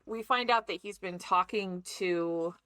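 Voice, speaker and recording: A woman co-hosting a book club podcast, walking through the plot in an easygoing, conversational way. Her voice sits a little low for a woman. The recording is dry and close. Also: a little slow, bright, forceful tone, dry recording. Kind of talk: casual book discussion.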